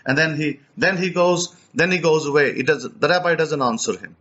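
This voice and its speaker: A man's voice: on the high side, a little fast, fairly bright tone, lo-fi sound. A man preaching in a storytelling way, retelling an account animatedly and often repeating or restarting his words. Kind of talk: storytelling teaching.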